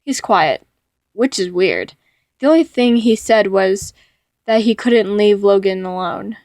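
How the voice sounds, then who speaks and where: A woman reading a fan-fiction story aloud as narrator, with a steady, even delivery. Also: mid-range voice, a little slow, no echo, studio quality.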